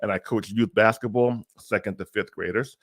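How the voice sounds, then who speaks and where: A man in his forties, a guest on an interview show, talking in a relaxed, easygoing way with casual slang. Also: on the low side, moderate pace, no room sound, studio quality. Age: 40s.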